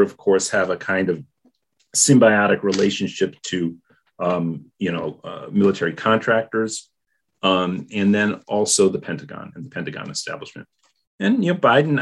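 A man giving his take on politics in a casual discussion, measured and thoughtful, with many pauses and fillers. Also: lowish voice, gravelly, breathy edge. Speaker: political commentator.

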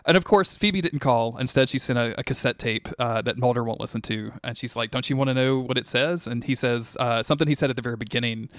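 A man's voice: medium pitch, fast, few pauses, no room sound, clean studio sound. A man co-hosting a podcast, recapping a TV episode in casual chat, rambling with restarts, laughs and swearing. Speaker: podcast co-host.

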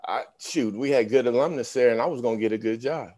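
A man's voice: mid-range voice, fast talker. A man in his fifties, a former pro basketball player, telling stories in a casual interview and acting out the voices of people he quotes. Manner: animated storyteller, acts out quoted voices.

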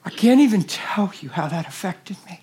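A man, preaching as a guest speaker in a folksy storytelling way that rises to shouted emphasis. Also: high voice, expressive, normal speed. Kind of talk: sermon.

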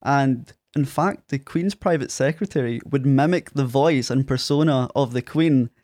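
A man's voice: medium pitch, moderate pace, dry recording. Scottish guy, ayrshire accent, 30s, chatty guest doing voices in his stories, dry close mic. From Scotland. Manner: animated storyteller, acts out quotes in a raised voice. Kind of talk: casual interview.

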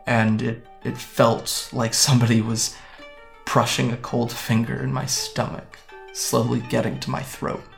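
A guarded, gravelly young man. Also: medium pitch, completely flat delivery, soft background music. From Japan. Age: 20s. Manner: hesitant, halting, wry. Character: guarded young man recounting fleeing home. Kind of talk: audio drama acting.

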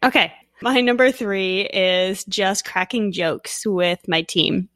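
A woman's voice: medium pitch, slow pace, fairly bright tone, no room sound. A woman in a mid-range voice chats as a podcast guest. She is playful and laughs easily. Her voice sounds close and dry. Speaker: veterinarian guest. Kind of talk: casual chat.

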